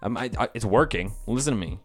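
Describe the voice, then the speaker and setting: A man's voice: fairly low pitch, expressive, fast talker, fairly bright tone, soft background music. A young man co-hosting a podcast, chatting casually, joking and swearing often. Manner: profane, laughing, joking. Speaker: podcast co-host. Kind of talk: casual chat.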